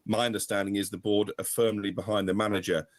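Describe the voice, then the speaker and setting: A male sports correspondent delivers his analysis quickly and with assurance. His voice is on the low side and the sound is dry and close. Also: level tone, no room sound. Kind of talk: radio news analysis.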